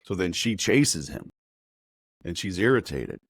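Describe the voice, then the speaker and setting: A middle-aged man coaching on sales in a rapid, casual talk full of fillers and analogies. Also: low-pitched, sing-song, dry recording.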